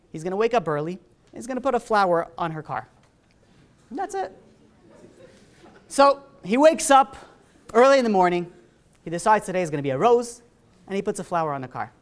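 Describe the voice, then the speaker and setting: A high-voiced male rabbi tells a story during a sermon, keeping it casual and animated and peppering it with "you know" and "like."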